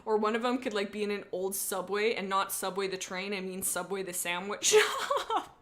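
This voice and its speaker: A young woman streaming live, casually reading fan fiction aloud with excitable, giggly, rambling tangents. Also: mid-range voice, moderate pace.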